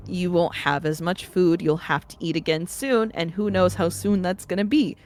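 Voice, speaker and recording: A woman with a lower voice, chatting in a tabletop game. She explains her points at length, with casual fillers. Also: moderate pace, few pauses, a little mellow, faint music behind. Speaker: player.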